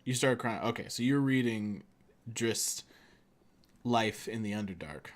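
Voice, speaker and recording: A man's voice: lowish voice, a little slow. A man streaming a video game, chatting casually, rambling and laughing often. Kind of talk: casual gaming stream commentary.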